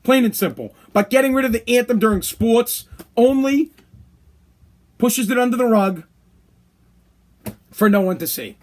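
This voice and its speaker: Podcast host, man, high voice, heated profane rant, hammers points home by repeating them. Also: measured pace, long pauses, darkish tone. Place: hot room downstairs.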